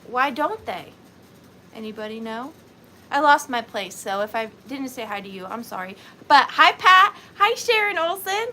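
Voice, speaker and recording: A woman's voice: fairly high pitch, very animated, normal speed, pushed and bright, a little hiss or hum. A woman with a Southern US accent hosting a livestream, chatting sweetly with viewers and greeting them by name. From Georgia, US. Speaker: livestream host.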